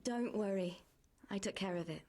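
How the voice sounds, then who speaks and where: A young village woman from a story-driven video game, voiced by an actress, caring yet worn down by grief. Her voice sits at an ordinary middle pitch, soft and soothing, and often drops to a near hush as she speaks. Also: moderate pace, lightly acted. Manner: gentle and soothing, often hushed. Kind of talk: game voice acting.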